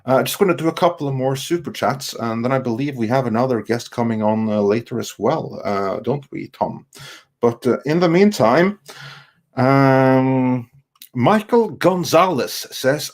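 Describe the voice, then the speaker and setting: A man in a mid-range voice hosts a casual online panel, reading viewer comments aloud. He talks in a loose, halting way, full of ums and restarts. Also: mid-range voice, expressive. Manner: chatty, halting, many fillers and restarts. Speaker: livestream host reading super chats.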